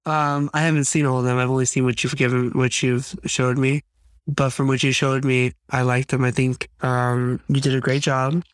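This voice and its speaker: A man's voice: mid-range voice, flat delivery, moderate pace, no echo, studio quality. A man co-hosting a podcast in casual chat, rambling and often correcting himself mid-sentence. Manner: rambling, self-correcting, easygoing. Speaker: podcast co-host.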